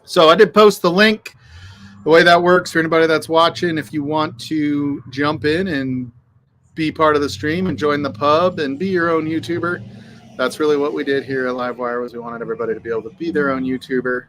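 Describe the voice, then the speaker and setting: A man's voice: fairly high pitch, fairly even intonation, brisk, a bit bright, slight background noise. Laid-back man hosting outdoors. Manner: laid-back, swears freely, greets viewers by name. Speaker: livestream host. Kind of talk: casual livestream chat. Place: outdoors on a windy afternoon.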